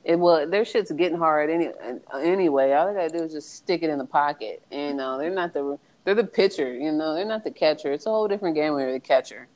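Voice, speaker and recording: A woman's voice: low-pitched, rough recording. A young woman in casual chat, telling frank personal stories with lots of laughter and acted-out quotes. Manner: animated storyteller, laughs often, acts out quotes.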